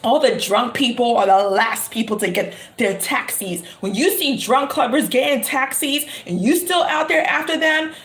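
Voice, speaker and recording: New woman telling an animated story. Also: a little high, reverberant. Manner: dramatic, drawn-out exclamations. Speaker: tarot reader.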